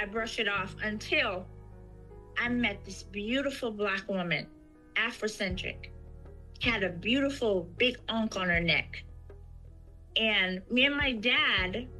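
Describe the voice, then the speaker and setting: A woman's voice: fairly high pitch, pushed and bright, poor audio. A woman telling a personal spiritual story as a guest, acting out the voices of the people she quotes.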